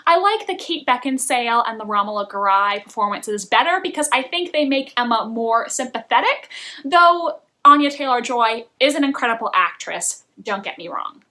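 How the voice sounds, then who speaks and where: A woman's voice: on the high side, normal speed. A young woman hosting a book channel, casually giving her opinionated, chatty reviews of film casts. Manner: opinionated, animated and chatty, with laughs.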